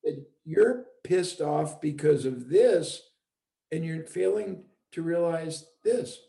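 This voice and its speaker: This fairly high, slow, mellow male voice carries vocal fry. He's a middle-aged business owner and ex-seminar leader musing in a relaxed conversation, going back over his points for emphasis, and the room echoes noticeably.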